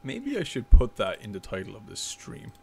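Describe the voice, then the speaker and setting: A man's voice: mid-range voice, huge pitch swings, moderate pace, vocal fry, husky. A man hosting a casual podcast chat, easygoing, laughing often and reading out donations. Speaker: podcast host.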